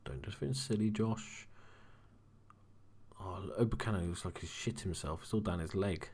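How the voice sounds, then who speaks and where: A young man quietly commentating on his own football management game in a casual chat. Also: moderate pace, slightly rough. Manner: talking quietly, late-night low-key chatter. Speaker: gaming commentator. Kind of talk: casual let's-play commentary.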